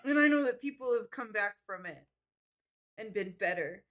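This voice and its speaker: A woman's voice: mid-range voice, animated, normal speed, a bit bright, natural voice. A woman voicing a defiant young male adventurer in a tabletop game, talking urgently.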